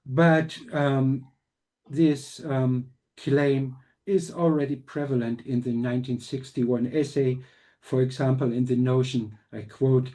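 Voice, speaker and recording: A man giving an academic conference talk, measured and careful, reading quotes aloud with small restarts. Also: medium pitch, steady tone, mellow. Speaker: conference lecturer.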